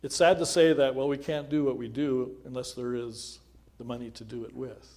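Casting note: male pastor, mid-pitched, earnest and prayerful, talking plainly to a congregation. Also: fairly even intonation, normal speed. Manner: earnest, prayerful, varying loudness. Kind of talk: spoken prayer in a church service.

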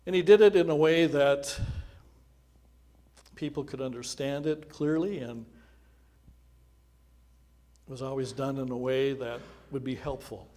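A man leading a church service as pastor, praying aloud in an earnest, conversational way that swells and softens in loudness. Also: medium pitch, measured pace, long pauses. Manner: earnest, prayerful, varying loudness. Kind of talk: spoken prayer in a church service.

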